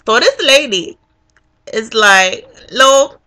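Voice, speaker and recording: Bright, animated woman ranting a story. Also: fairly high pitch, slow pace. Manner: profane, acts out every voice in the story. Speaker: vlogger.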